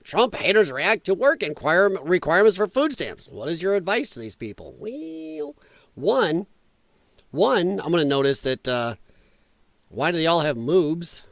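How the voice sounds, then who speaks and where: A man's voice: fairly high pitch, big pitch swings, normal speed, fairly bright tone, dry recording. A man hosting a live stream, reacting to clips with sarcastic, mocking commentary and frequent laughter. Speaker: live-stream podcast host.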